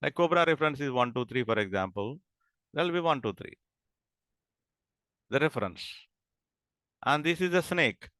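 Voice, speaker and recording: A man's voice: mid-range voice, lively intonation, sharp tone, dry recording. A man lecturing a class, often stopping to ask whether students follow and restarting his sentences. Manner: repeats and checks understanding, halting restarts.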